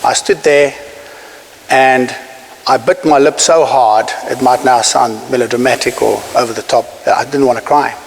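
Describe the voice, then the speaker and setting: A South African man in his forties giving an inspirational keynote speech, telling a story emphatically with pauses for effect. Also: medium pitch, fairly even intonation, creaky, faint music behind. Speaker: keynote speaker. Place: large conference hall. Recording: hissy hall recording, echoing.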